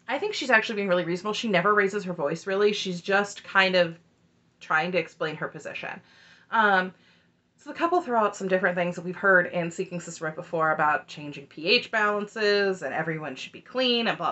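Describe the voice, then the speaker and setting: A woman's voice: medium pitch, expressive, a little fast, bright, forceful tone. A woman casually recapping a reality TV episode, chatty and opinionated, with wry asides.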